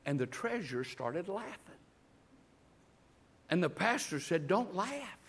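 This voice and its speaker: A man's voice: on the high side, unhurried. A man preaching a sermon, telling stories and calling out to the congregation for amens. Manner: animated storytelling preacher, calls out to the congregation. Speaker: guest preacher.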